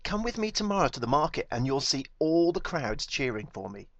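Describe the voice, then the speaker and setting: Figure: a small, proud, eager young male donkey, voiced by a man. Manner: earnest, boastful, touchy about his pride. Pitch: raised and lively. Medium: storybook reading in a dry room. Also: fairly quick, dry recording, muffled recording.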